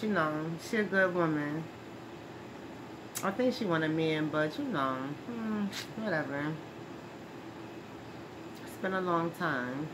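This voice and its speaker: A woman playing a brash streetwise brawler, low voice. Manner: slangy, laughs often, keeps asking "right?". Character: brash streetwise woman, ex-brawler, touchy about her name. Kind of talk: comedy skit monologue. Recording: noisy background hiss.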